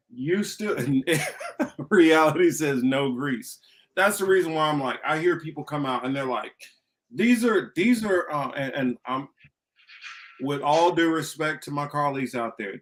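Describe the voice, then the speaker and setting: A man's voice: on the high side, a little slow, fairly bright tone. A man hosting a political talk show, ranting emphatically with heavy profanity and repetition. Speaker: podcast host.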